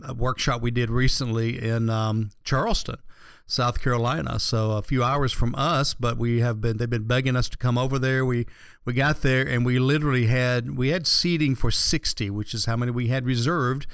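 A man's voice: mid-range voice, fairly even intonation, normal speed, vocal fry, fairly bright tone, smooth, no echo, clean studio sound. A man hosting a financial radio talk show, chatting casually and rambling with lots of fillers and restarts.

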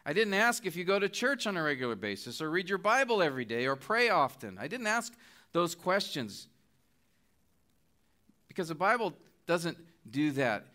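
A middle-aged man preaching from the pulpit, his voice bright and forward and pitched a little high. He builds his points with earnest, pleading appeals. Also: big pitch swings, moderate pace. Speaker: guest preacher. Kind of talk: sermon.

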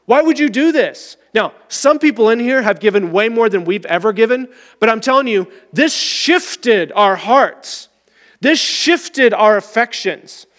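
High-voiced man preaching in a hall. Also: a little slow. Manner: animated, conversational, acts out voices. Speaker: pastor. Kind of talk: sermon.

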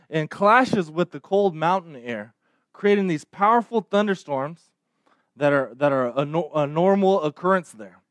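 A man's voice: on the high side, dry recording. A man preaching a sermon in a conversational way, often restarting words and checking in with his listeners. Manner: conversational, frequent stammered restarts and "right?" tags. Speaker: pastor.

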